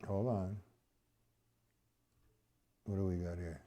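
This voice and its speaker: A man's voice: low-pitched, fairly even intonation, slow, warm tone. A middle-aged man, teaching drums on a live stream, chatting with viewers and explaining each stroke step by step while counting beats aloud. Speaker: drum teacher. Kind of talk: live-streamed drum lesson.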